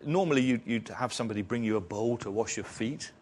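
A man's voice: mid-range voice, fast, a little hiss or hum. A man preaching an expository sermon in church, retelling a story in a conversational way with rhetorical questions.

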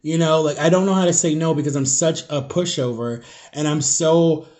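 A man's voice: on the high side, fairly even intonation, a little mellow. Congested man rambling on a vlog. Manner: rambling, halting, searching for words. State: congested, stuffy nose. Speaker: vlogger. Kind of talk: casual confessional vlog. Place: at home, eating on camera.

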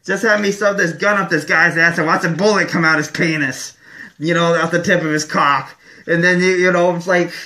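A man from Michigan hosts his own show in an angry, profane rant. His voice is forceful and bright, a little higher than most men's. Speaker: show host. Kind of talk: ranting vlog monologue.

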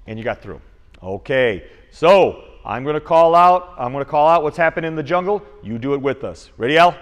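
Lively martial arts instructor man. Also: on the high side, a little fast, in a large hall. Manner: energetic, calls out commands to kids. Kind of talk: online kids' martial arts class.

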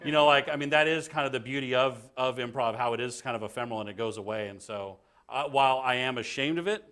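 A man speaking on a panel as an improv performer, telling stories in an animated, self-deprecating way. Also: medium pitch, fast talker, clear, resonant tone. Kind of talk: conversational panel talk.

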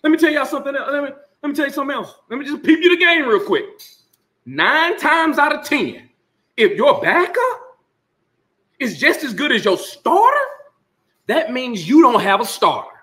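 A man's voice: very high voice, sing-song, normal speed, pushed and bright. A man hosting a casual sports talk rant, emphatic and sarcastic with laughing asides. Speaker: sports commentary host.

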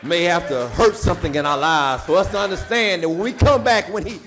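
A man with a Southern US accent preaching a sermon, moving from quiet storytelling to shouted, sung preaching. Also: high voice, fairly quick, crowd noise. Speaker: pastor. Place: church sanctuary. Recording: live church stream with organ and congregation.

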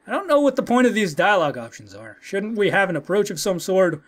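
Lively young man playing a video game. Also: high-pitched, quick pace, few pauses. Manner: reads game dialogue aloud with put-on voices, chuckling. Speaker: let's play host. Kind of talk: casual gameplay commentary. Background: game music.

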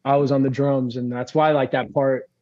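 A man's voice: medium pitch, level tone, normal speed, a little mellow, highs cut off. A man from Long Island, a band frontman as a guest, telling rambling stories in a casual chat, full of fillers and swearing. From Long Island, New York. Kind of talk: casual podcast conversation.

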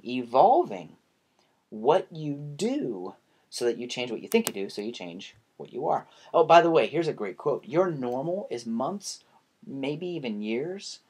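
A man's voice: medium pitch, a little mellow, slightly rough. A man, an author presenting his book in a webinar lecture, speaking straight to listeners and running through items in rhythmic lists.

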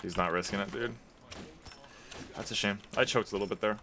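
A man streaming a video game, giving chatty, excitable commentary and swearing freely as he plays. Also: lowish voice, brisk, a little hiss or hum. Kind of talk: casual gameplay commentary.

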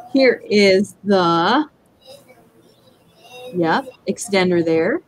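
A woman's voice: fairly high pitch, fairly bright tone, rough recording. A woman hosting a live jewelry auction stream, chatting casually as she describes each piece.

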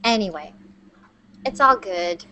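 A woman hosting a casual group video chat, talkative and animated, steering the talk with questions. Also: mid-range voice, slow pace, slight background noise. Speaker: host.

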